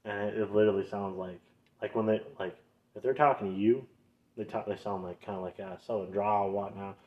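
A man's voice: on the low side, steady tone, brisk. A young man with a Minnesotan accent, telling loose, profanity-heavy stories in a casual podcast chat. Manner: loose, swearing, laughing storyteller. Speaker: podcast co-host. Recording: dull lo-fi sound.

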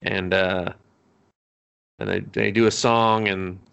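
A man's voice: low-pitched, level tone, slow pace, creaky, fairly bright tone, clean tone, highs cut off. A young man co-hosting a podcast, casually recapping an anime episode in a rambling, profane way, laughing often. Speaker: podcast co-host.

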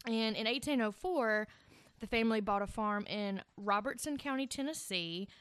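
A woman's voice: on the high side, moderate pace, a bit bright, smooth, dry recording. A woman hosting a casual podcast, telling a scary story with swearing and joking asides. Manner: swears freely, jokey asides.

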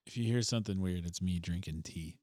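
A man's voice: sits low, fairly quick, dark tone, slight background noise. A man co-hosting a podcast, chatting casually and jokingly while watching a movie, swearing freely. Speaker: podcast co-host. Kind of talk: casual movie commentary chat.

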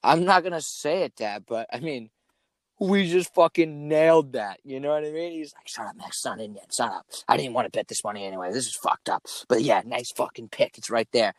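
A young man in casual chat, swearing often and telling stories with animated energy. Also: mid-range voice, brisk, no echo. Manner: swears a lot, animated storytelling.

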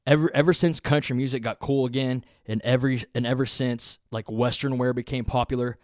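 A man's voice: medium pitch, steady tone, brisk, no room sound, clean studio sound. Profane rambling Southern Ohio man. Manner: profane, rambling, laid-back. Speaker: podcast host. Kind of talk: unscripted solo podcast chat.

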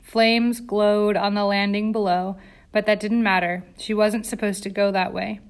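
Woman audiobook reader, mid pitch, tense dramatic narration. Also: flat delivery, measured pace, smooth.

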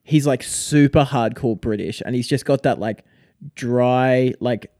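Young male podcast co-host, chatty and animated, mid-pitched and dry-sounding, no room echo. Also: a little slow. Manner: animated storytelling with frequent "like" fillers. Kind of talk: casual chat.

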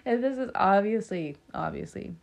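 A woman's voice: medium pitch, lively intonation, normal speed, gravelly, darkish tone. A woman giving a casual tarot reading to camera, chatty and rambling, laughing often as she talks. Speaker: tarot reader.

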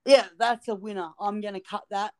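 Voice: mid-range voice, steady tone, fairly quick, a little mellow, no room sound. A podcast host chatting casually with a guest, patient and encouraging. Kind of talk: casual interview chat.

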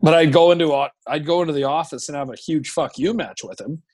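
A man in his thirties, a hockey goaltender, telling stories as a podcast guest in an animated, profane, rambling way. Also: on the high side, quick pace. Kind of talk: casual podcast storytelling.

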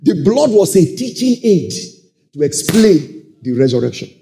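A man preaching a sermon, calling out to the congregation and swinging into shouted and half-sung phrases. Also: a little high, a little slow, gravelly. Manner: animated call-and-response preaching, sudden shouts and sung phrases.

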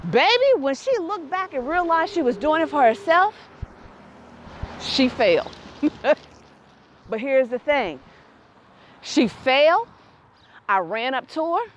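A woman telling a personal story that turns into a faith lesson, animated and quick to laugh. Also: high-pitched.

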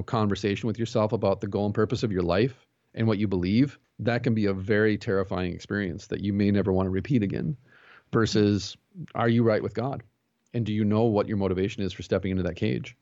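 A man's voice: lowish voice, darkish tone, no echo, lo-fi sound. A man who is a pastor and jiu-jitsu instructor, talking earnestly as a podcast guest and telling stories with quoted dialogue. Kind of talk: conversational interview.

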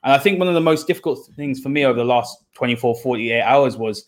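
A young man in his twenties hosts a football podcast at a brisk clip. He speaks with fervent emotion and restless energy, in a middle-pitched voice. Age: 20s. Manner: fervent, emotional, fast-talking. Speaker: podcast host.

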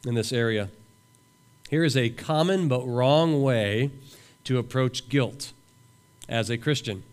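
A man preaching a sermon as a pastor at a camp, reading scripture aloud and voicing imagined prayers with earnest emphasis. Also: medium pitch. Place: camp meeting room.

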